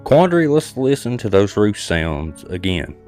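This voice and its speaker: An American man hosting his channel, reading viewer comments in casual, animated commentary with jokes and laughs. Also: on the low side, normal speed, faint music behind.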